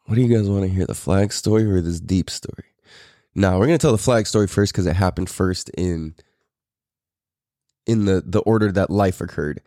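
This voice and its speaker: A man's voice: deep voice, normal speed, mellow, dry recording, clean studio sound. A man in his thirties from California, a podcast host telling a story in a loose, profane, rambling way with frequent laughs. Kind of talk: casual storytelling.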